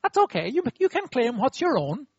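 A man with a high voice preaches with animated, demonstrative energy, acting out apologies and drawing the audience in. The sound is dry and a little dull. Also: a little fast, husky, dry recording. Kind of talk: sermon.

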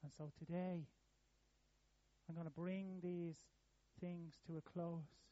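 A man preaching a sermon in an earnest way, rising in pitch and volume when he repeats a phrase. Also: flat delivery, slow pace, dark tone, no room sound, highs cut off.

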